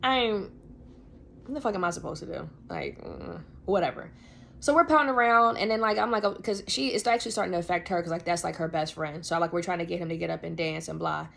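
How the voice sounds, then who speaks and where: A young woman telling a personal story on her podcast, animated and slangy, full of fillers. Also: lowish voice, fast, vocal fry. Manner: animated, slangy, many fillers, laughs often. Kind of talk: casual storytelling.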